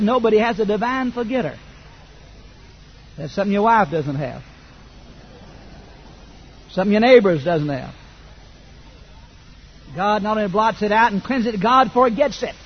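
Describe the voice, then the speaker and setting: High-voiced preacher, fervent sermon. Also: male voice, moderate pace, pauses often, breathy edge, dull audio. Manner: swings from quiet asides to loud fervent preaching.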